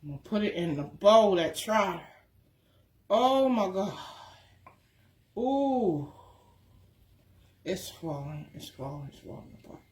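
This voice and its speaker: A woman talking through her cooking in a casual vlog, full of drawn-out excited exclamations. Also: medium pitch. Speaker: cooking vlogger. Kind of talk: casual cooking video talk. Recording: echoey room.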